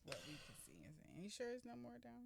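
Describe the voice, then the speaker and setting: A relaxed woman chatting through a reaction video with a lively, moving pitch. A clear crowd sound runs behind her. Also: racing. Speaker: reaction channel co-host. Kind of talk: casual reaction chat.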